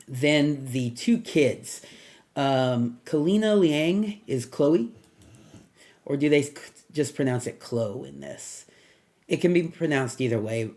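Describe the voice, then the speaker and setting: A man reviews a film alone in an easygoing, rambling way. He thinks aloud, trails into asides and fills pauses with ums. His voice sits at an ordinary middle pitch. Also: darkish tone. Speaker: movie reviewer. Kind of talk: casual solo review.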